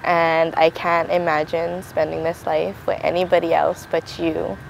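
Young woman, lowish voice, chatty and teasing as she tells how they met. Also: flat delivery, unhurried, gravelly, a little hiss or hum, low-quality recording. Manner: playful, acts out quotes, affectionate. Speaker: bride-to-be interviewed for an engagement video. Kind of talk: casual storytelling interview.

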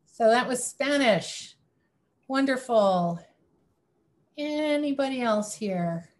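A woman leading an online religious service over a video call, inviting people in a gentle, unhurried way. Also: fairly high pitch, animated. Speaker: service leader.

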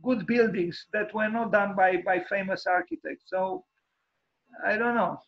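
A man gives an informal online architecture lecture in a high, gravelly voice with a husky, sing-song edge. He speaks haltingly, full of fillers and restarts, sharing frank and wry opinions. The sound comes through a video call microphone and is dull and lo-fi.

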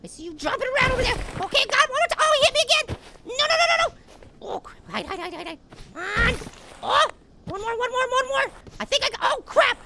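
A tiny male cartoon apple giving game commentary in a very high, squeaky voice with a gravelly edge. He hops wildly up and down in pitch and flares up at his opponent. The recording carries clear background noise. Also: sing-song, a little fast, exaggerated voice. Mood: excited. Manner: squeaky, easily riled, shouting at opponent. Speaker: let's play gamer. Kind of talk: gameplay commentary.

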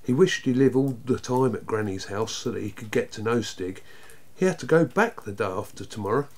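A man reads a children's chapter book aloud to his viewers. His narration is expressive, with a lively, swinging pitch in a mid-range voice. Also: a little fast. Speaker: storyteller.

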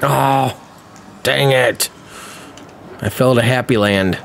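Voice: medium pitch, slow, gravelly, a little hiss or hum. A gaming channel host giving playful let's-play commentary, with mock-panicked cries and teasing calls to other players.

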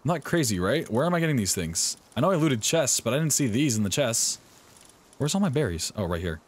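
A young man streaming a video game live, talking excitedly to the characters on screen. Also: medium pitch, fairly quick. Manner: excitable, talks to the game's characters. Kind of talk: live gameplay commentary.

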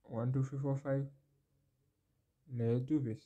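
A man's voice: mid-range voice, flat delivery, takes it slowly, dark tone, slightly rough, highs cut off. A man hosting a phone tech tutorial, walking the viewer through steps, repeating phrases and exclaiming over the results. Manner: addresses viewer directly with questions. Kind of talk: screen-recorded how-to walkthrough.

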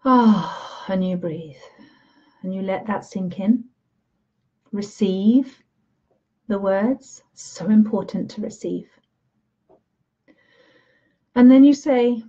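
A woman teacher leading a guided self-love session in a slow, soothing, gentle way. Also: mid-range voice, breathy edge, dull audio. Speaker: spiritual teacher.

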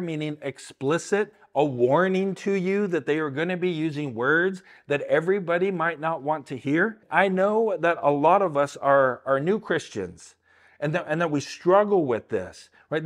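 An older man giving a casual, earnest Bible teaching, often repeating words and asking "right?" along the way. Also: fairly high pitch. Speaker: Christian teacher.

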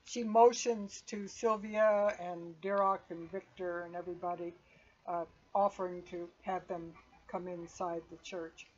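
A woman's voice: lowish voice, fairly even intonation, measured pace, darkish tone. Woman game master, dull lo-fi audio. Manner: narrates steadily with fillers. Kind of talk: narrating a tabletop game.

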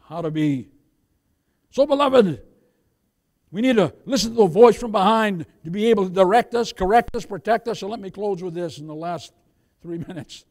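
A man preaching a sermon as pastor, swinging from loud exhortation down to near-whispers, with many calls of "beloved" and "Amen?". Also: high-pitched, animated, moderate pace, in a large hall. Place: church sanctuary.

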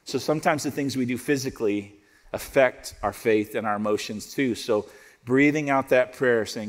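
A man preaching a sermon as pastor, conversational and joking, dropping to soft prayerful tones. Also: medium pitch, normal speed, big-room sound. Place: church auditorium.

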